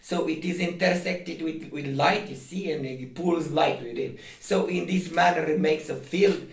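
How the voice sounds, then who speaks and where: With a somewhat high voice and an unhurried pace, a man hosting a video talks casually to the camera. He's far from the mic in an echoey room, and his delivery is insistent, repetitive, and full of restarts.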